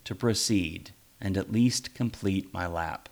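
A man's voice: low-pitched, takes it slowly, gravelly, a little mellow. A man, a pastor, reading his own first-person story aloud in a reflective, wry way.

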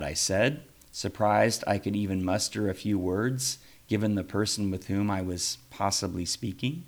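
A man's voice: on the low side, steady tone, normal speed, few pauses. A man, a pastor, reading his own first-person story aloud in a reflective, wry way.

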